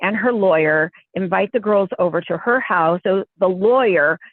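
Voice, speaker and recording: Brief: woman phone-in guest, animated gossip teller, swears freely, tinny dry line. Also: medium pitch, normal speed, dry recording. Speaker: podcast guest, gossip source. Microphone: telephone.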